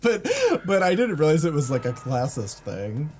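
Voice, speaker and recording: Laughing man with a very lively voice. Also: fairly high pitch, moderate pace. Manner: laughs often, reacts to chat. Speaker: streamer host. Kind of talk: casual live-stream chat. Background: people making noise nearby.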